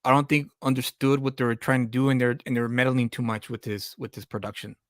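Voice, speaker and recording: A man talks casually on a live stream, often stumbling over repeated words before a thought lands. His voice sits in a middle pitch. The sound is close and dry with no room to it. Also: little pitch movement, quick pace, dry recording. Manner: rambling, repeats words when starting sentences. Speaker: podcast host and comic creator.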